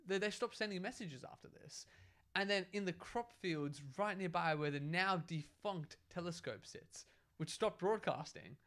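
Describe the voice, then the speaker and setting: A young man, co-hosting a casual podcast chat and arguing his theory in an animated way. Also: fairly high pitch. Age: young adult. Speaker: podcast co-host.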